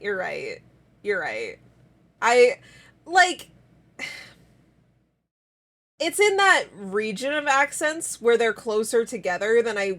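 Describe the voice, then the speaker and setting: An American woman chats with her stream viewers at an unhurried pace. Her voice sits a little high, and her sentences wander and restart, broken up by laughter. She is getting over a week of illness. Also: a bit bright. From United States. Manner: rambling, halting, laughs a lot. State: recovering from a week-long illness. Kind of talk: casual chat with chat.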